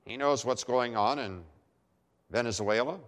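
A man preaching a sermon emphatically, with dramatic pauses and repeated phrases for effect. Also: medium pitch, a bit bright. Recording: long hall reverb.

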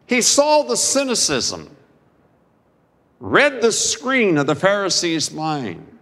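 Male pastor, slightly high voice, unhurried sermon delivery with dramatic pauses. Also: wildly swooping pitch, fairly bright tone, big-room sound. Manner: slow, deliberate preaching with dramatic pauses.

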